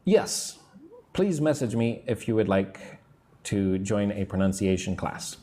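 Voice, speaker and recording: A man whose voice is lowish, dark in tone and lively in intonation runs a live online English lesson. Patient and drawn-out, he takes the grammar step by step and replies to comments from viewers.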